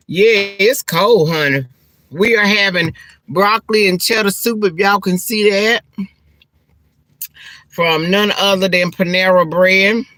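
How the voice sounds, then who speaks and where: Chatty middle-aged woman, bright voice. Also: medium pitch, slight background noise. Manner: chatty, Southern-style endearments like honey and child; animated and laughing, church exclamations. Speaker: vlogger. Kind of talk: casual mukbang-style chat.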